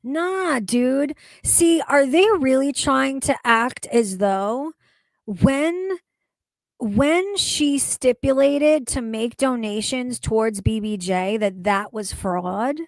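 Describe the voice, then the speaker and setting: A woman streaming her reaction to another stream, slow and deliberate, with a slightly high voice. She swears freely and sounds openly incredulous. The sound is dry and close. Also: dry recording. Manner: exasperated, heavy swearing, incredulous. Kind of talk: profane reaction commentary.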